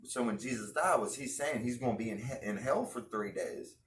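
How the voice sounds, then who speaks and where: A man's voice: mid-range voice, moderate pace. A man in casual religious commentary, talking earnestly and slangily, with rhetorical questions and restarts. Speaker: online video host.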